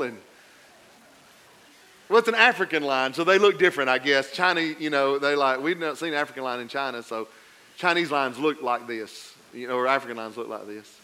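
A man preaching a sermon, telling a story with lively swings between loud emphatic passages and quiet, low asides. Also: fairly quick. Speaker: pastor.

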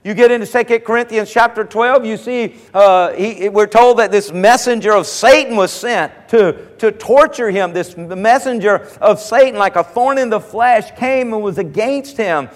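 A man preaching a sermon as pastor, slowing down and rising in force when quoting scripture. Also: high-pitched. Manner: preaching, slows and rises on scripture quotes. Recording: long reverb of a large hall.

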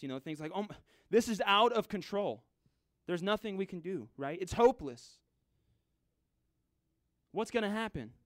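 A man's voice: a little high, smooth, no echo, studio quality. Dramatic man preaching a sermon. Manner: conversational, dramatic swings from loud to hushed.

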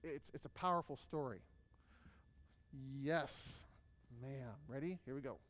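A mid-range, slightly bright male voice delivers a live class talk to an audience at a measured pace. He tells stories casually with many fillers, and the recording carries long hall reverb.

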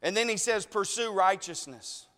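A man's voice: high-pitched, lively intonation, moderate pace, fairly bright tone, in a large hall. A man preaching a sermon, emotional and tearful, pressing his listeners with pleading questions.

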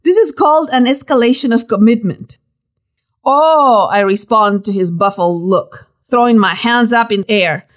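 A woman reading a personal story aloud, with lively storytelling and playful emphasis. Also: a little high, moderate pace, hardly any pauses. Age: young adult. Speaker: narrator.

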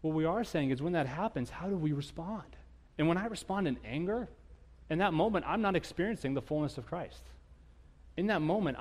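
A married man preaching to his congregation, asking them questions and getting loud and animated when he tells stories. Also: a little high, long reverb tail. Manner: animated storytelling, rising loud when telling anecdotes; addresses congregation directly with questions. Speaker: pastor. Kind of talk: sermon.

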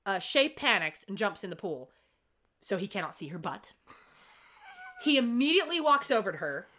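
Speaking at a moderate pace in a mid-range voice, a woman recaps a podcast episode alongside her co-host in a relaxed, chatty way. Her delivery is lively, and she voices the characters' lines as quotes.

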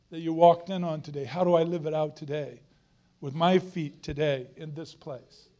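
Male guest preacher, middle-aged, fairly high voice, earnest emphatic sermon delivery with repeated lines. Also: unhurried, a little mellow.

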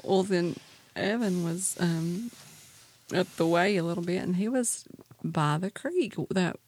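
A woman's voice: fairly low pitch, a little slow, darkish tone, slight background noise. A woman co-hosting a podcast in casual chat, telling family stories and laughing along. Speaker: podcast co-host.

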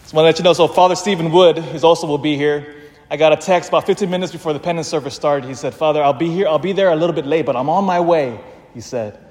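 A man, a parish priest, giving an emphatic, storytelling sermon that slows down for emphasis. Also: a little high, darkish tone. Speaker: pastor. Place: church. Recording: long church reverb.

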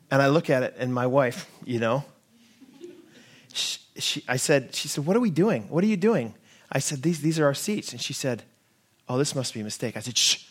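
An American man in his forties, a lead pastor, telling a self-deprecating, humorous story to his congregation during a sermon. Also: a little high. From United States.

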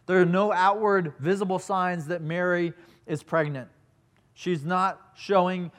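A man preaching a sermon, telling a scripture story earnestly and reading verses aloud. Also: high voice. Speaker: pastor.

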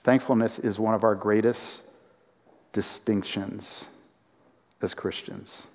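A man preaching a sermon to a congregation, animated, with acted-out quotes and rising emphasis. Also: lowish voice, slow pace, in a large hall. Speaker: pastor.

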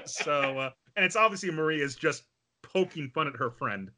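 Bright-voiced man recapping an anime. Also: on the high side, normal speed. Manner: animated storytelling with many fillers. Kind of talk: casual chat recapping an anime.

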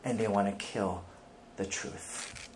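A man's voice: lowish voice, steady tone, slow pace, background noise. Man preaching an emphatic sermon. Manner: emphatic preaching with scripture reading. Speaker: pastor.

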